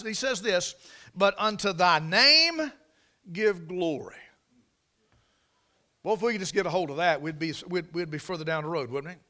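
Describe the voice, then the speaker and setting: An American man with a high-pitched voice preaches a King James sermon, emphatic and folksy. He repeats phrases, stumbles and restarts, and swings between loud proclaiming and quiet asides.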